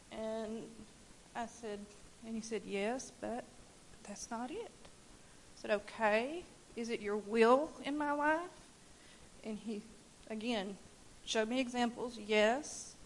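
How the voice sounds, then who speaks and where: Animated woman sharing a church testimony. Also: a little high, rough recording. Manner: animated storytelling with laughs. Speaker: church member giving testimony. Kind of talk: personal testimony. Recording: faint hiss.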